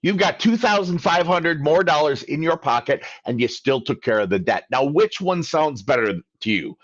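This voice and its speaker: A man hosts a live question-and-answer session as a credit coach, talking emphatically, and he acts out both sides of phone calls. His voice sits a bit high and swings widely in pitch. The recording is dull and lo-fi, with a dry sound and no room echo. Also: lively intonation, normal speed. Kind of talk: livestream Q&A talk.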